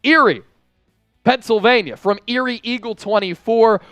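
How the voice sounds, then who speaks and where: High-voiced, energetic sports-stream host. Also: male voice, moderate pace, no echo, highs cut off, faint music behind. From from the Philadelphia area. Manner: energetic, shouts out viewers by name. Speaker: live sports show host. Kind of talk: live-stream sports talk reading chat.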